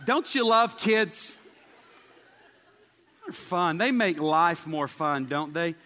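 A man's voice: a little high, expressive, slow, bright, forceful tone, in a large hall. A male pastor giving a humorous sermon, chatting with the congregation and asking them questions. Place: church sanctuary.

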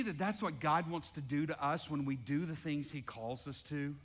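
High, bright-voiced pastor preaching. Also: male voice, normal speed, hardly any pauses. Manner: animated, calls out to the congregation. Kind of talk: sermon. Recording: echoey hall reverb.

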